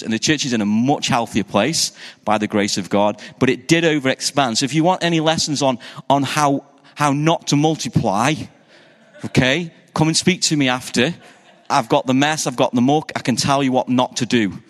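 A man's voice: mid-range voice, normal speed, big-room sound. A middle-aged man from England with a Stoke-on-Trent accent, a pastor giving a chatty, self-deprecating conference talk full of "um"s and restarts. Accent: Stoke-on-Trent English. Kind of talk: conference talk to a live audience.

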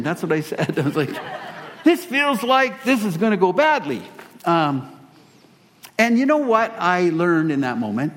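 A male pastor telling a personal story in a sermon, animated and self-deprecating. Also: on the high side.

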